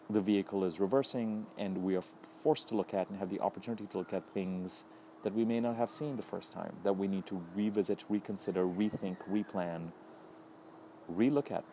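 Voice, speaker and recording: A man giving a solo astrology update, thoughtful and unhurried, listing ideas in repeated phrases. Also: sits low, steady tone, warm tone, a little hiss or hum.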